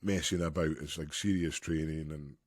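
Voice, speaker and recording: A man's voice: extremely low pitch, fairly even intonation, normal speed, no room sound. A man co-hosting a podcast in casual, rambling chat, joking and laughing often. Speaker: podcast co-host.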